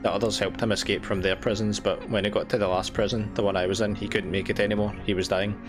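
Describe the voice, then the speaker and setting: A weary, long-tormented game character, as a man reads the lines aloud in a low voice. The delivery is earnest and tired. Faint music plays underneath. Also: level tone, fast talker, close to an everyday voice. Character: exhausted freed prisoner, tormented and hopeful.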